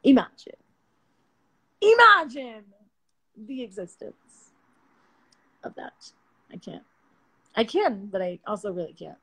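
A woman chatting casually on a phone livestream at home at night, slangy and profane, animated and quick to laugh. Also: mid-range voice, husky, low-quality recording.

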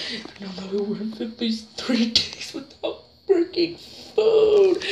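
High, gravelly woman acting out a drama. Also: big pitch swings, unhurried, background noise. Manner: swings between shouted curses and hushed whispers. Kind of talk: homemade zombie drama, voicing every character.

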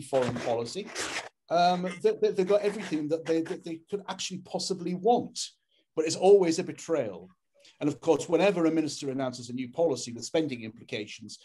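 An Englishman with an English accent and a husky, slightly breathy voice, at a middling pitch. He speaks earnestly over a video call, often stumbling and repeating words as he presses his points as a webinar panelist. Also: a little mellow. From England. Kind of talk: webinar talk.

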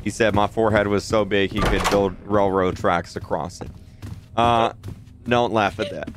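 A man's voice: fairly low pitch, steady tone, moderate pace, background noise. A young man with an Australian accent, chatting casually on a gaming stream while he reads out messages from chat. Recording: game music under the voice.

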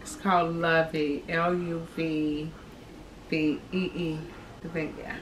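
With a low voice that barely moves in pitch, a pregnant vlogger in her thirties speaks slowly and casually to her audience, a bit out of breath and calling them "y'all." The recording comes from a distant camera mic in an echoey home room, with slight background noise.

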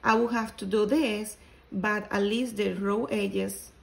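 A woman, not a native English speaker, explains sewing steps slowly, pausing and restarting phrases as she works. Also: mid-range voice, fairly even intonation, creaky, poor audio. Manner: slow, halting, with restarts. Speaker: sewing instructor. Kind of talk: step-by-step sewing tutorial.

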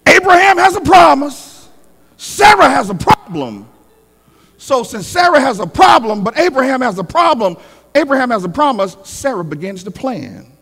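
A man delivers a sermon in a high voice that leaps up and down with feeling. He builds to shouted peaks and calls on the congregation to answer. His voice rings in a reverberant church hall. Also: very animated, normal speed, slightly rough. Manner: emphatic, call-and-response preaching with shouted peaks. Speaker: pastor.

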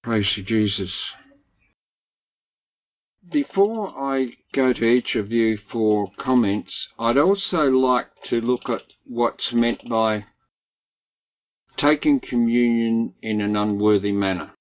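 A man leading a Bible study group, teaching and reading scripture aloud slowly and deliberately, stressing key words. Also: mid-range voice, expressive, muffled recording.

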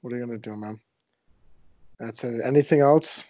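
A young man in his twenties hosting a casual podcast, telling stories with animated, mock-indignant energy. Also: medium pitch, moderate pace, no room sound, rough recording. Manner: animated storyteller, exaggerated indignation. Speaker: podcast host.

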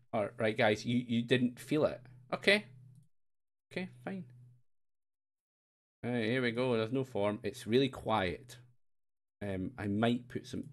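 A man streaming himself playing a football management game, chatting along in a gravelly voice. His pitch swings widely as he jumps from rambling self-mockery to excited yelps. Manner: chatty and self-mocking, with sudden excited outbursts. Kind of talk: live-streamed gameplay commentary.

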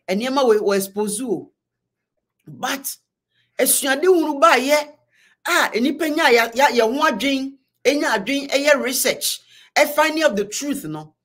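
A woman's voice: on the high side, a bit bright. A woman with a Ghanaian accent hosting a live online show, giving emphatic political commentary, switching between Twi and English and repeating words for force. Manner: mixes Twi and English, greets viewers by name.

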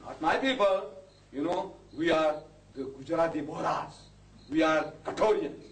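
A man's voice: a little high, normal speed. A man giving a public lecture, emphatic and full of rhetorical questions and mocking asides. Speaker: Islamic lecturer. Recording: echoey hall, mic at a distance.

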